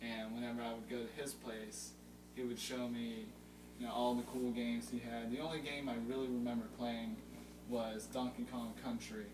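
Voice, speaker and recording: A young man hosting a casual chat about video games, informative and a little halting with fillers. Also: mid-range voice, flat delivery. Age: young adult. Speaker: host. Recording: roomy, distant mic with loud hum.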